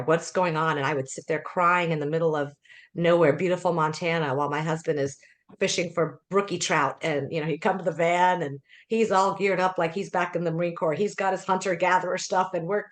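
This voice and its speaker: This is a woman in her fifties, a life coach guesting on an interview. She tells her story in a loose, chatty way, full of laughs and restarts, in a fairly low voice.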